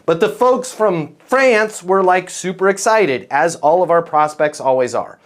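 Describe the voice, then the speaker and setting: A man coaching a group of salespeople in a live training session, talking in a folksy, animated way. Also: sits high, unhurried. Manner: acts out quotes in different voices.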